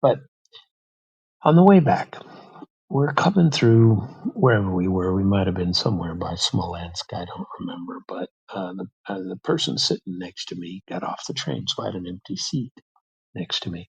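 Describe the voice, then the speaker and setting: American man, podcast host, low gravelly voice, very husky, rambling casual story. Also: expressive, moderate pace, lo-fi sound. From United States. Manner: rambling, repeats words, frequent fillers.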